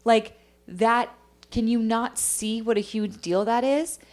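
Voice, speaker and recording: A young adult woman co-hosting a podcast, telling a story in animated, casual chat. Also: on the high side, slow pace. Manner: animated storytelling, acts out quoted voices. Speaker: podcast co-host.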